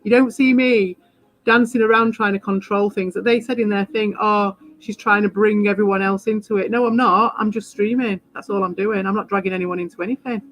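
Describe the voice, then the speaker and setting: A woman's voice: medium pitch, steady tone, brisk, a bit bright, rough recording. A woman chatting casually while she streams a game, rambling from thought to thought and swearing freely as she gets worked up. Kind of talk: casual live-stream chat while playing.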